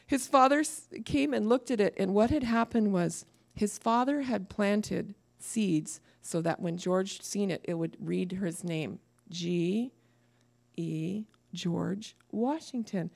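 A woman preaching a sermon to a church, lively and laughing at her own asides. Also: mid-range voice, measured pace, gravelly.

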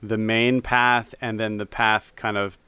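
A man co-hosting a podcast, pitching ideas in a relaxed, thoughtful casual chat. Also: unhurried, smooth, dry recording. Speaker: podcast co-host.

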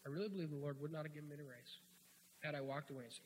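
A man preaching a sermon in a folksy, joking way, swinging from quiet asides to loud shouts, in a church. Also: on the high side, rapid-fire, a little hiss or hum. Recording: hall reverb.

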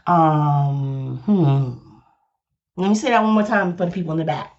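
A woman's voice: medium pitch, very fast, lo-fi sound. A woman pastor with a Southern US accent, preaching passionately on a podcast and repeating her points. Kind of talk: podcast sermon.

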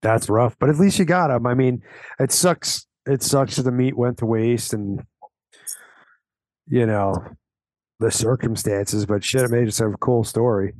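A man hosting a casual podcast chat, relaxed and swearing offhandedly as he tells a story of his own. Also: medium pitch, unhurried, dry recording, rough recording. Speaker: podcast host.

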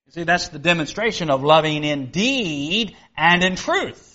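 Male preacher, high bright voice, folksy sermon style with rhetorical questions, dull lo-fi recording. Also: animated, measured pace.

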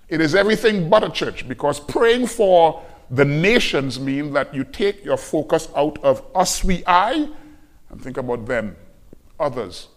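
A pastor delivering a sermon in church, his voice sitting a little higher than most men's. He preaches with emphasis, repeating key lines and drawing out quoted verses. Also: animated, normal speed.

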